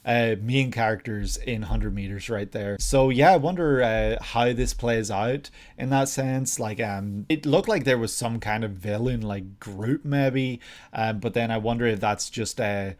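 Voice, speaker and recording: A man's voice: mid-range voice, unhurried. A man hosting a reaction video, thinking aloud in casual commentary with frequent hesitations.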